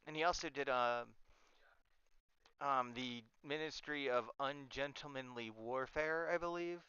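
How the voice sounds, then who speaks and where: A man's voice: medium pitch, unhurried, bright, forceful tone, clean tone, no echo, muffled recording. A man chatting casually during a watch-along reaction stream. He laughs often and trails off and restarts.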